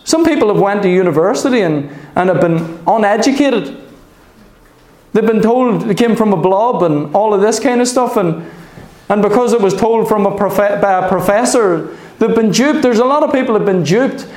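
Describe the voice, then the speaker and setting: A man preaching a sermon, animated and often asking "Amen?" of his congregation. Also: high voice, moderate pace, roomy sound, poor audio.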